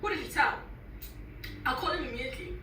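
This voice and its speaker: A woman's voice: high voice, fast talker, bright, forceful tone. A woman telling a dramatic story in casual chat, exclaiming and laughing as she goes. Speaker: storyteller in a clip. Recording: echoey, distant, noisy.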